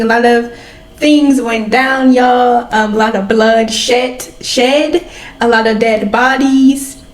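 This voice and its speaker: A young woman chatting excitedly in a reading vlog, gushing and filling her talk with "like.". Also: fairly high pitch. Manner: excitable, gushing, drawn-out "like" fillers. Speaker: book vlogger. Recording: echoey room, faint background noise.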